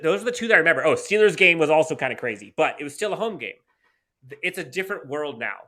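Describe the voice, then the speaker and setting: Bright, excitable male sports podcast host. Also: fairly high pitch. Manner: excited, rambling, restarts often. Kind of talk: casual sports talk.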